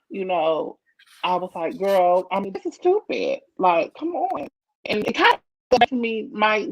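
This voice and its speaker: A blunt, emphatic woman talks over a video call, her voice sitting mid-range and animated. The sound is dull and lo-fi, with a dry, close feel and no room around it. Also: mid-range voice, no echo. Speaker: comic editor and guest. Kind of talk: casual video-call chat.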